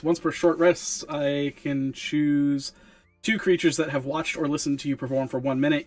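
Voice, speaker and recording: Man explaining his game moves. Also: a little high. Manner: explains rules carefully, with many ums. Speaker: player. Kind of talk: tabletop game play.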